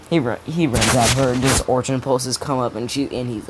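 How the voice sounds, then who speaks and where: A man's voice: mid-range voice, fairly quick, few pauses. A young man improvising a fan-fiction story in a rambling, profane, casual way, with many restarts. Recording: steady background noise.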